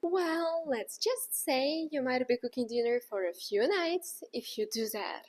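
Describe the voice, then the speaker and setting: Slow, breathy woman teaching. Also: expressive, a little mellow. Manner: demonstrates sounds with exaggerated pitch. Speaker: language teacher. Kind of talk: scripted lesson dialogue.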